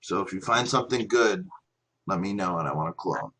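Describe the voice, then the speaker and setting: A laid-back man hosts a stream in casual chat. His voice is very low and husky, and he explains things calmly. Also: fairly quick, poor audio.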